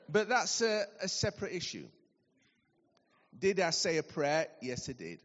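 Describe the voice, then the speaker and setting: Guy preaching, high voice swinging all over, long hall echo. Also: normal speed, pauses often. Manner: animated storytelling, acting out dialogue. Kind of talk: sermon. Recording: dull recording in a large reverberant hall.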